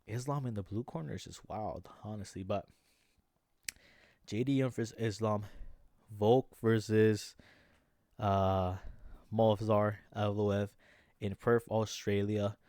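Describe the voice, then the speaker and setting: A man's voice: on the low side, fairly even intonation, slow, long pauses, a little mellow, dry recording, studio quality. Frustrated young man ranting about fights. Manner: frustrated ranting, slangy, says "bro" constantly. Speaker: MMA vlogger. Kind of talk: casual reaction commentary.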